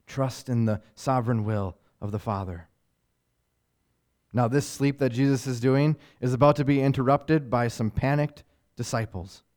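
A man preaching a sermon in an earnest, conversational way. His voice is mid-pitched, with plenty of rhetorical questions and casual asides as he builds intensity. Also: moderate pace, a little mellow. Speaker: pastor.

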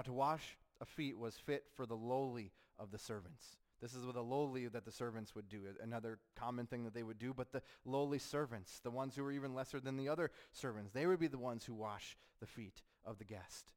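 A man preaching a sermon, asking rhetorical questions and acting out the voices of critics. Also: medium pitch. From United States. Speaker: pastor.

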